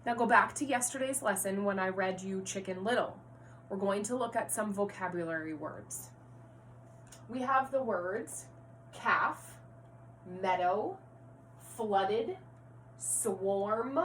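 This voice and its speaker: A woman teaching a first-grade reading lesson to young children at home, speaking clearly and encouragingly and spelling words out letter by letter. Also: mid-range voice, animated, takes it slowly, pauses often. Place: home, near her rocking chair. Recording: distant mic with faint hum.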